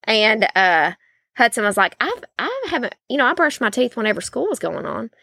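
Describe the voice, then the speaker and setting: A woman's voice: mid-range voice, lively intonation, brisk, creaky, bright, forceful tone, dry recording, studio quality. A woman, hosting a faith-based podcast in a chatty, folksy way with many fillers. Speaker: podcast host.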